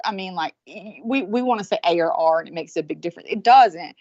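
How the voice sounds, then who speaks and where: A woman's voice: lowish voice, fairly quick, hardly any pauses, a little mellow, dry recording. A woman with a Southern US accent, telling a rambling story in casual chat in a blunt, profane way. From American South. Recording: dull, lo-fi sound.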